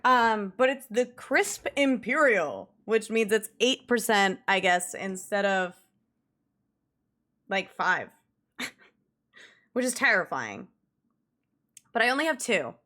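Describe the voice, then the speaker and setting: A woman's voice: mid-range voice, lively intonation, slow, pauses often, a bit bright. A young woman streaming, chatting casually and rambling through a story with lots of fillers and giggles. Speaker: livestreamer. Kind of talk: casual livestream chat with viewers.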